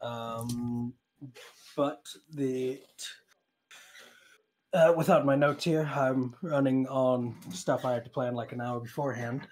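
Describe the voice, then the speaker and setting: A man's voice: medium pitch, fairly even intonation, slow pace, a little mellow, a little hiss or hum. A man with an English accent running a tabletop horror game as game master, narrating loosely with many fillers.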